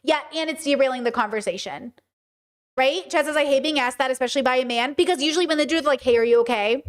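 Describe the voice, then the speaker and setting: A woman's voice: sits high, fast talker. A woman streamer giving passionate, direct commentary on a livestream, reading her chat aloud and answering it. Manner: passionate, direct, animated argument; reads out chat messages and answers them.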